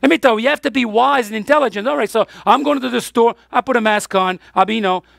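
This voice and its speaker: A man's voice: very high-pitched, fast, vocal fry, a bit bright, no echo, clean studio sound. A man preaching a sermon as pastor, emphatic, with his voice rising on the key points.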